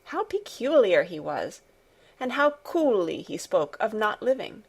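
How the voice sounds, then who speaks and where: A woman reads a classic novel aloud as an audiobook, at a middle pitch. Her delivery is soft and even, and her pacing is relaxed, as if she were telling a bedtime story. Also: unhurried, breathy edge. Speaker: audiobook narrator. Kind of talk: calm scripted audiobook narration.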